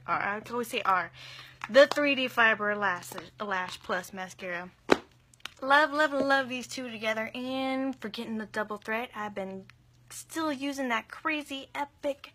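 Bright, chatty woman doing makeup. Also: fairly high pitch. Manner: chatty and enthusiastic, gushing over products. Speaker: makeup vlogger. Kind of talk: live makeup tutorial.

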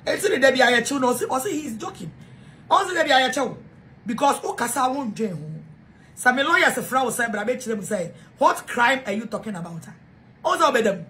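A woman's voice: sits high, lively intonation, fairly quick, sharp tone. A Ghanaian woman with a Ghanaian accent, ranting to camera in a heated, repetitive way and mixing English with Twi. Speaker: self-styled preacher. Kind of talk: angry rant to camera.

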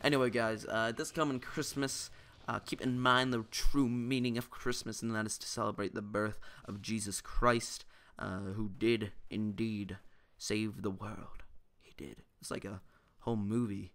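A man's voice: on the low side, steady tone, unhurried, fairly bright tone. A young man giving casual, rambling gameplay commentary, often joking at his own expense. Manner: rambling, self-mocking, restarts often. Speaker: gaming YouTuber.

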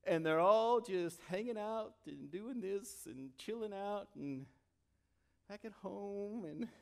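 A male pastor preaching a sermon, animated, swinging from loud exclamations to quiet, intimate asides. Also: sits high, slow, creaky.

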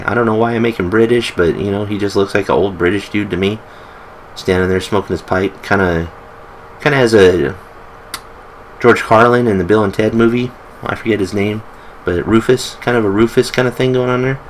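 Casual let's play host, a man, chatty and joking, slightly low voice, faint typing in the background. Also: a little fast, slight background noise, rough recording. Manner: chatty, joking asides, reads game text aloud. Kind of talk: casual gameplay commentary.

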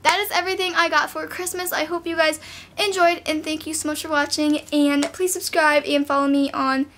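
A woman's voice: high-pitched, flat delivery, fairly quick, a bit bright, a little hiss or hum. A teenage girl vlogging casually, bubbly and full of "like" and "literally". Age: teens. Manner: bubbly, says "like" and "literally" a lot. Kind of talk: casual haul vlog.

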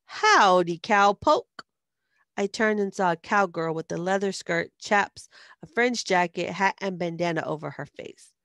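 Low, gravelly woman narrating. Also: normal speed, no echo, clean studio sound. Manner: steady storytelling. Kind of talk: first-person audiobook narration.

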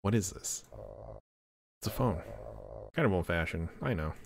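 A man voicing a gentle, remorseful middle-aged father in a game, speaking quietly. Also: low-pitched, lively intonation, moderate pace, background noise. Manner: quiet, apologetic.

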